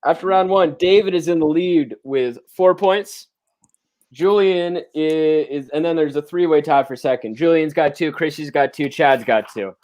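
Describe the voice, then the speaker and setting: A man's voice: fairly high pitch, darkish tone. Joking man hosting an online quiz. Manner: joking, quick banter. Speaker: game show host. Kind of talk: casual online quiz show. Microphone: video call.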